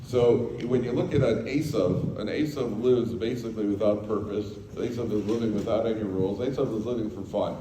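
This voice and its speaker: A man's voice: on the low side, moderate pace, noisy background. An American man, a rabbi, giving a Torah talk to a live audience, telling stories with jokey asides and acting out the dialogue. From United States. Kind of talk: Torah talk with humorous storytelling. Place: lecture hall to a live audience. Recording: echoey hall, mic from far off.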